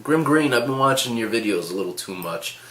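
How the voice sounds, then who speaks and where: A man who tells stories to the camera casually, with animated, sarcastic asides. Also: mid-range voice, brisk. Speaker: vlogger. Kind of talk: casual storytelling. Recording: echoey room.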